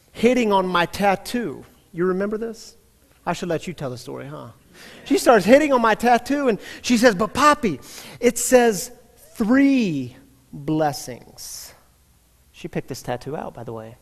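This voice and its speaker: Pastor guy in his 30s telling a story in church, pretty high voice, chatty, lots of hall echo. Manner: animated, chatty storytelling, speaks to the congregation directly. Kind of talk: storytelling sermon. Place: church sanctuary. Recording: long hall reverb in a church.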